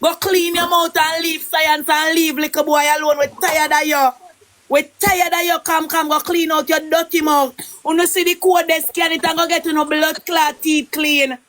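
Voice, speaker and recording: A woman's voice: high-pitched, little pitch movement, moderate pace, fairly bright tone. A Jamaican woman ranting in patois, scolding someone over and over. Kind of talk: heated gossip chat in patois.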